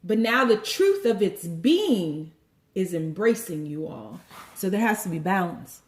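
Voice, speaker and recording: Woman tarot reader, lively, preachy and joking, in a roomy echo. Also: fairly low pitch, unhurried. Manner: animated, preachy, joking, profane. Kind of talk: tarot card reading.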